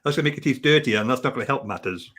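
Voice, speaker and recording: A man from Wales, a guest on a comedy show, answering pitches with dry, pedantic quips. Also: expressive, rapid-fire, a bit bright, breathy edge.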